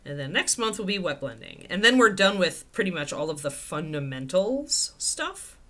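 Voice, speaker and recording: A woman's voice: on the low side, very animated, moderate pace, bright, forceful tone. A woman teaching miniature painting in a casual live stream, chatting and thinking aloud at her home desk.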